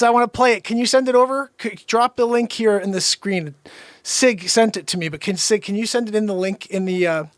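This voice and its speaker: A man hosting a casual livestream, chatting excitably, laughing often and calling out to viewers. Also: high-pitched, dry recording, clean studio sound. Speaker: livestream host. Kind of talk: casual livestream chat with music.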